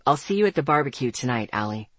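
A woman voicing a shy, gentle teenage boy who answers in soft, brief replies. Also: very deep voice, sing-song, quick pace, dry recording, pitched below the performer's own voice, heavily acted.

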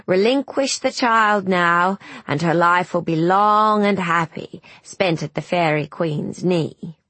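A woman's voice: fairly low pitch, slow pace, fairly bright tone, no room sound. A woman voicing a wizened, toothless fairy crone, cruel and mischievous, sly and menacing in her storybook speech.

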